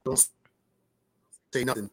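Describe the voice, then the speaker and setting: A man's voice: takes it slowly, a bit bright. A man co-hosting a casual podcast, joking and roasting the others. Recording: crowd noise behind.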